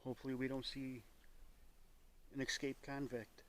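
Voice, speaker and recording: A man's voice: mid-range voice, little pitch movement, moderate pace, fairly bright tone. A man narrating his own paranormal investigation outdoors in the woods. He talks in a nervous, rambling way, stumbling and circling back over details. His voice is recorded on a handheld microphone out in the open. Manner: nervous, rambling, self-correcting. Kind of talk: solo outdoor vlog narration. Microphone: microphone with a phone beside it.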